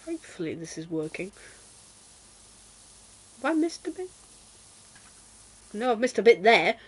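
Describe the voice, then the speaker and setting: A young British woman chatting casually while streaming a game, self-deprecating and quick to giggle and exclaim. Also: mid-range voice, sing-song, husky, low-quality recording. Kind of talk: casual gameplay chat.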